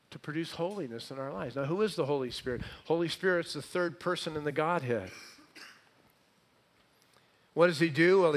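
Preaching to his congregation, a man fires questions at them while swinging from forceful, loud phrases to hushed ones. His voice is a little high.

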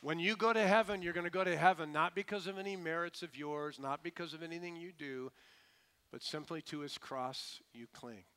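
A male preacher delivering a sermon in a bright, clean, ringing voice pitched somewhat high for a man. He builds to emphatic, raised peaks and then falls to hushed, low lines. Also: brisk, clean tone.

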